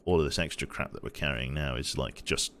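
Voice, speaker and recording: Deep-voiced Brummie man streaming a game. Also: a little fast, a bit bright. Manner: rambling, opinionated, swears casually, restarts sentences. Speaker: streamer playing a survival game. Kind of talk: casual gameplay commentary.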